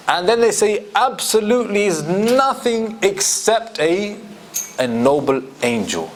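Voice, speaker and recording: A man's voice: mid-range voice, a little hiss or hum. A man with a British accent teaching a Quran commentary class, explaining verses in English and reciting the Arabic between his points. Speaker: Islamic studies teacher.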